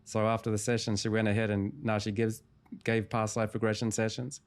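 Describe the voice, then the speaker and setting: A man with a fairly low voice speaks as a guest in an interview. He retells a client's story in a calm, measured way, walking through each step of a session. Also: clean tone. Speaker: hypnotherapist guest.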